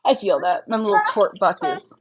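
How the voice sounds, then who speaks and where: A woman's voice: medium pitch, big pitch swings, normal speed, a crowd in the background, rough recording. Chatty woman answering livestream questions. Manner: chatty, frank, lots of fillers. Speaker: livestream host, rabbit breeder. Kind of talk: casual livestream chat answering viewer questions.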